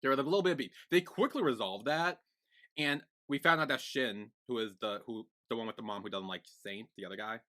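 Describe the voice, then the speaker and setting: Excitable rambling man, bright voice. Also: mid-range voice, a little fast. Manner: rambling, excitable, many fillers. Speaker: podcast co-host. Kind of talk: casual chat recapping a show.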